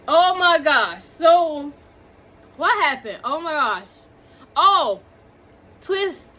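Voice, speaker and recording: A woman recapping a movie in casual chat, animated and talking straight to her viewers, drifting off on tangents. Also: sits high. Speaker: movie reviewer.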